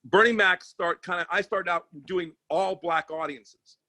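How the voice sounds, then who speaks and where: A man who works as a sports agent and comedian, telling stories in casual chat, animated and profane, with many restarts. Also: high-pitched, a little slow, no room sound.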